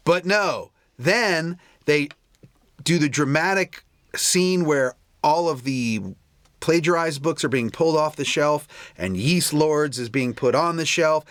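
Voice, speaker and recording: Lively rambling male podcast co-host. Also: on the high side, a little slow, no room sound, studio quality. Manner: rambling, self-interrupting, wry. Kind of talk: casual movie chat.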